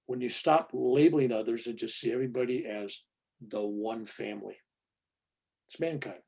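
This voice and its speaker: A male reverend answering a student's question in an informal spiritual talk, animated and acting out the voices he quotes. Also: mid-range voice, normal speed, gravelly, husky.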